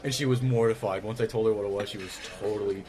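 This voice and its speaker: Fast-talking joking man in a noisy diner. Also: fairly low pitch, steady tone. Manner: quick, joking storyteller. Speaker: podcast co-host. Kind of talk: casual chat over dinner. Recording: noisy diner crowd behind.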